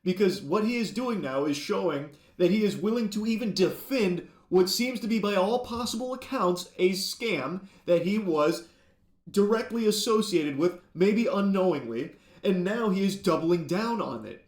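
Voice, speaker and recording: A man's voice: high-pitched, animated, moderate pace, reverberant. A man giving video commentary, indignant and sarcastic, firing off pointed questions. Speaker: YouTube commentator.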